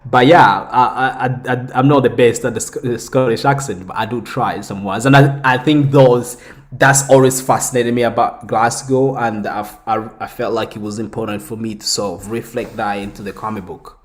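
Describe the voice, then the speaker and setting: A young man from the Democratic Republic of the Congo talks through his stories in a relaxed interview, restarting sentences and leaning on fillers. His voice sits at a middle pitch. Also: moderate pace. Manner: storytelling, animated, frequent restarts and fillers. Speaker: comic book creator and guest. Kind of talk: casual interview conversation.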